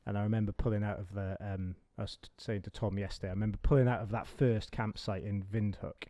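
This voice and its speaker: Male podcast host, chatty and teasing, mellow dry voice. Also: lowish voice, fairly even intonation, fast talker, no echo. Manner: chatty, teasing, many restarts. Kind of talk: casual interview chat.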